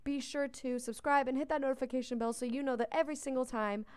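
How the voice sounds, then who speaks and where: A woman's voice: high-pitched, steady tone, fast talker, a little mellow, smooth, no echo. Chatty woman voicing game commentary. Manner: chatty, talks to the game characters. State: yawning a lot. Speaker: let's play host. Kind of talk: casual gameplay commentary.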